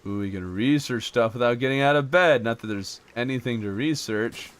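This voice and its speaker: A man streaming a video game, chatting casually with his chat and laughing often in a jokey, animated way. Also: medium pitch, moderate pace, slight background noise. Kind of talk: casual live-stream chat, reading chat aloud.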